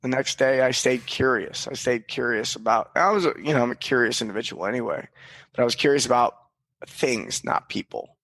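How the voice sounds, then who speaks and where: A man's voice: mid-range voice, fairly quick, fairly bright tone, no room sound. A man guest on a podcast, telling a candid personal story in an earnest, reflective way, with casual swearing and frequent restarts.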